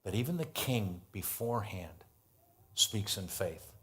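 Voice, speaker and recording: An American man preaching a sermon as pastor, telling a Bible story with animated voices for the characters. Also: lowish voice, a little slow. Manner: animated storytelling, acts out biblical dialogue.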